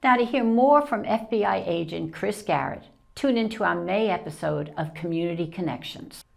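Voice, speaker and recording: A woman anchoring a local news show, reading a script with crisp, deliberate delivery. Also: lowish voice, expressive.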